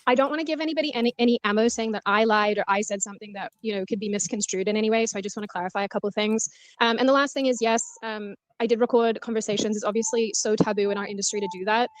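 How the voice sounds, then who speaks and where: Interview guest: Australian woman, quick and higher voice, dry sound. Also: dry recording. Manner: earnest, careful, clarifying. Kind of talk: casual interview talk.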